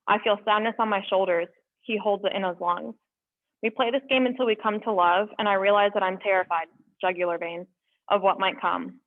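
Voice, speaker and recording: A young woman at an open mic, reading poems aloud with earnest, halting asides between them. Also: mid-range voice. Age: young adult. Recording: tinny phone-like sound.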